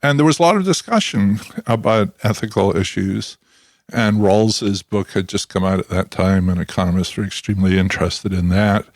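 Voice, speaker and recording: A man's voice: on the low side, moderate pace, no echo. An older man with a Scottish accent, answering interview questions as a guest economist, thoughtful and reminiscing. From Scotland.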